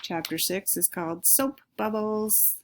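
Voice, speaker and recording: A woman's voice: mid-range voice, unhurried, a little hiss or hum. A woman reading a children's chapter book aloud, friendly and speaking directly to her listeners.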